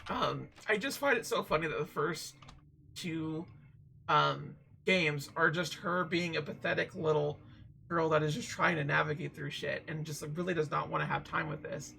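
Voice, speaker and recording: A woman's voice: deep voice, normal speed, gravelly, bright, forceful tone, a little hiss or hum, poor audio. A woman streaming a game, talking in rambling, chatty commentary and laughing often. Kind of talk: casual let's-play commentary.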